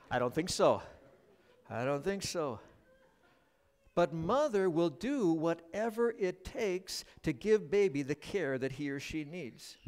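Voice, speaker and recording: A middle-aged male pastor preaching a sermon at a church service, joking with the congregation as an animated storyteller. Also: on the high side. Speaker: guest pastor.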